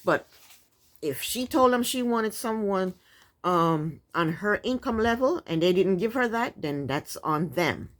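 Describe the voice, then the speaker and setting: Sassy, animated woman recapping TV. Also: mid-range voice, unhurried. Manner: blunt, sassy, chatty with frequent asides. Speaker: TV recap vlogger. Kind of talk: casual opinionated recap.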